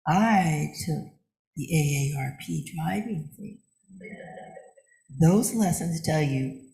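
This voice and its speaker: An older woman minister preaching in a loose, conversational way, slipping into little acted-out voices of other people and laughing along with her congregation. Her voice rings out through a roomy church with noticeable echo. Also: medium pitch. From United States. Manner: chatty and animated, acting out quotes with laughter. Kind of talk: conversational sermon. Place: church sanctuary.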